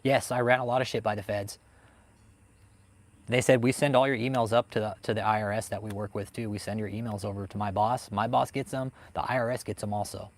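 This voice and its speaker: On a dry recording, a fairly low, steady male voice moves at a fairly quick clip. It's the host of a cult-themed livestream, delivering a profane, heated rant while responding to his chat.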